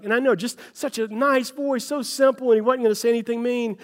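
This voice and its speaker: High-voiced pastor in a reverberant hall. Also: male voice, moderate pace, few pauses. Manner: folksy storytelling, addresses listeners as "guys". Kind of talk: conversational sermon.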